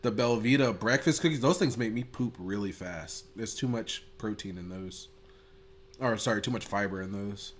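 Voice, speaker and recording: A man in a relaxed podcast conversation, co-hosting with an excitable, jokey delivery. He laughs often and swears casually as he talks. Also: on the low side, moderate pace, a little hiss or hum. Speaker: podcast co-host. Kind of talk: casual chat.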